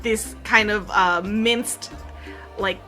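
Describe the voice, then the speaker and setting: Bright-voiced woman game master. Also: medium pitch, steady tone, very slow, soft background music. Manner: rambling, full of "like" and "um". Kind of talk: narrating a tabletop game.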